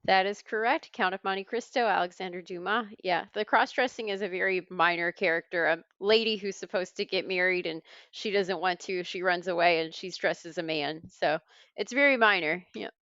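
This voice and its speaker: A woman hosting a trivia podcast, reading clues in a brisk, wry way. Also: lowish voice, a bit bright, clear, resonant tone, dry recording, highs cut off. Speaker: quiz host.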